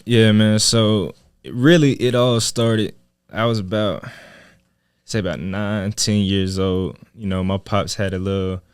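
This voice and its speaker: A young man in his twenties speaks in a low, easy voice as a podcast guest, telling his story with laid-back slang. The sound is dry and close, with no room around it. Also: steady tone, a little slow, clear, resonant tone, dry recording. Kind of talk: casual interview.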